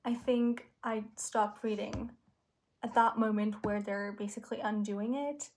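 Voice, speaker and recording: An excitable young woman talks to her camera about her reading in a slightly high voice. She gushes and rushes, and at tense moments she drops into a nervous whisper. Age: young adult. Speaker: book vlogger. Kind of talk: casual vlog talk to camera.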